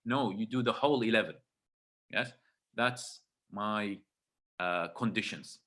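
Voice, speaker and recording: A man with a fairly low, somewhat bright voice takes his time delivering a religious talk to a video-call audience. He speaks emphatically, repeats phrases and asks listeners "right?" to check in.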